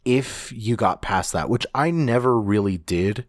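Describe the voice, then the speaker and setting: A man's voice: on the low side, measured pace, no room sound. A man co-hosting a podcast in casual chat, rambling with many restarts and the odd swear. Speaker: podcast co-host.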